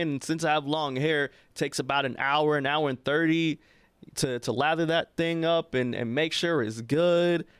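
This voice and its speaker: A young man, co-hosting a podcast and telling a long personal story in a loose, animated way, often checking in with his co-host. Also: a little high, clean tone, no room sound. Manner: animated, chatty, frequent "right?" asides to his co-host. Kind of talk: casual storytelling chat.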